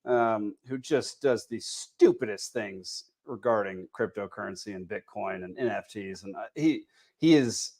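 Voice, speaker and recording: Tired Texan podcast host rambling. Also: male voice, fairly low pitch, measured pace, darkish tone. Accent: Texas. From Texas. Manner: rambling with many fillers and restarts. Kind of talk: casual podcast chat.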